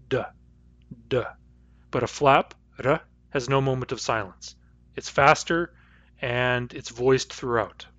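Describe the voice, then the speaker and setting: A linguistics lecturer with a West Coast North American accent patiently explains sounds, voicing each as an example. His mid-range voice has a fairly bright tone. The recorded lecture is dull and dry, with no echo.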